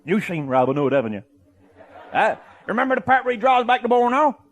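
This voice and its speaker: Newfoundland guy spinning a tall tale, real high voice, hollering and laughing as he goes. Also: big pitch swings, brisk, dull audio. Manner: boisterous, often shouting and laughing mid-sentence. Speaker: comic storyteller. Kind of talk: comic tall-tale storytelling.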